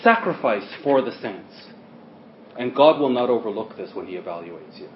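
A man's voice: on the low side, animated, normal speed, a little hiss or hum. Emphatic male preacher in a roomy hall. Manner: emphatic, swings between loud stresses and quiet asides. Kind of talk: sermon. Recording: roomy, dull lo-fi sermon recording.

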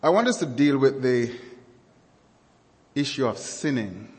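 A man preaching a sermon, speaking slowly and deliberately and repeating key words and definitions for emphasis. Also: medium pitch, expressive, a little mellow, big-room sound.

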